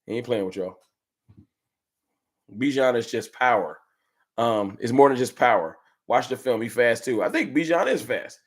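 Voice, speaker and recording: A man hosting a fan livestream, chatting with viewers and ranting with slangy, animated trash talk. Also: medium pitch, moderate pace, long pauses. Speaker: sports fan livestream host. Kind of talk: casual livestream chat reading super chats.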